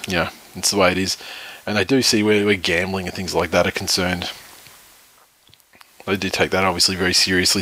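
Sweary, laughing Australian podcast co-host. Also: male voice, low voice, sharp tone, breathy edge, poor audio. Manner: sweary, laughs often, trails off. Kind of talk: casual banter reading listener tweets.

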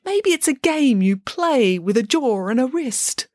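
A huge male bear with a timid, childlike heart whimpers his lines , as a woman reader voices him. The voice is pitched high and lively. It sounds close and dry. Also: unhurried, no room sound, heavily acted. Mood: meek. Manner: whimpering, meek.

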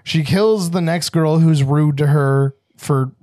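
A man's voice: fairly high pitch, takes it slowly, warm tone, no echo, studio quality. A man co-hosting a podcast in casual chat, rambling through stories with many fillers. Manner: rambling, filler-heavy storytelling with lots of "like". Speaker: podcast co-host.

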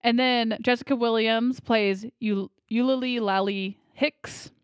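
A woman's voice: a little high, steady tone, unhurried, smooth, no echo. A woman co-hosting a podcast, chatting casually and rambling about movies, laughing easily. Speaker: podcast co-host. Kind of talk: casual movie-review chat.

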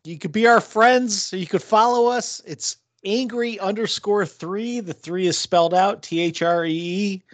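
A man's voice: high voice, measured pace, hardly any pauses, dry recording. A man hosting a casual sports podcast, joking with his co-hosts. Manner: joking, animated sign-off. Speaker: podcast host.

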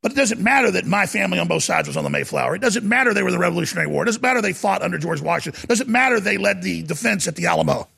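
Fiery gravelly-voiced male talk host. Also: high voice, big pitch swings, racing, hardly any pauses. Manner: impassioned, preacher-like, bursts into shouting. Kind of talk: fervent talk radio monologue.

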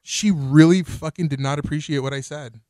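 Tipsy, profane male podcast cohost, mellow dark tone, rambling jokes. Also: a little high, normal speed, no echo. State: a bit tipsy. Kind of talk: casual chat.

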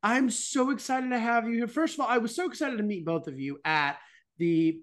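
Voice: mid-range voice, normal speed. A podcast host welcoming guests with effusive enthusiasm and asking questions. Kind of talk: upbeat podcast hosting.

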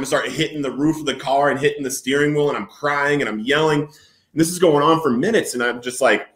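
A man as an interview guest, telling a personal recovery story in an earnest, halting way with many restarts. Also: a little high, fairly bright tone, reverberant.

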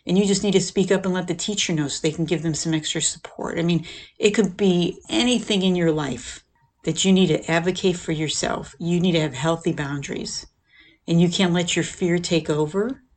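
Earnest woman podcaster, low-pitched voice. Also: moderate pace, darkish tone. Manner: earnest, emphatic, repeats phrases for stress. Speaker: podcast host and counselor. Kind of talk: personal storytelling monologue.

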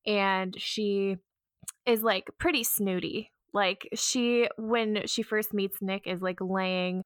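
A woman's voice: mid-range voice, fairly even intonation, takes it slowly, clean tone, no echo, clean studio sound. A young woman co-hosting a podcast, summarizing a novel's plot in a laid-back, joking way with many fillers. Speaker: podcast co-host.

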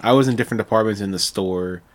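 A man co-hosting a podcast, telling stories in casual chat and acting out other people in a high put-on voice. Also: fast talker. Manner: animated storyteller, acts out customers in a high put-on voice. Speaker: podcast co-host.

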